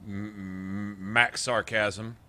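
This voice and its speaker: A man streaming a game, making loud sarcastic asides to his chat. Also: lowish voice, level tone, extremely slow. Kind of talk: casual live gameplay commentary.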